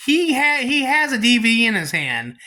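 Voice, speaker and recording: A young man casually telling a story to his viewers, rambling and animated, with many restarts. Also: extremely high pitch, normal speed. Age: young adult. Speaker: storytime vlogger.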